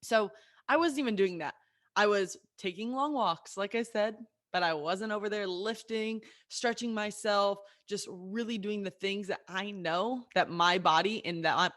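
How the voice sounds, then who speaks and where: A woman's voice: mid-range voice, a bit bright. A woman in her late twenties hosting a solo motivational podcast, talking candidly and with energy straight to her listeners. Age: 20s. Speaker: podcast host and coach.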